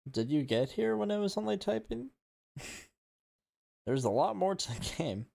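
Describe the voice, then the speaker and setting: A man's voice: high-pitched, very animated, unhurried, gravelly, a little mellow. A man on a casual livestream, reading a text game aloud and typing commands, swearing now and then. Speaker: streamer.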